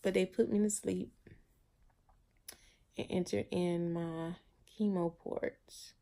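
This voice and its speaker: Slow, gravelly-voiced woman vlogger. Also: lowish voice, fairly even intonation, dark tone. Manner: emotional, halting, repeats herself. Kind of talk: personal video diary.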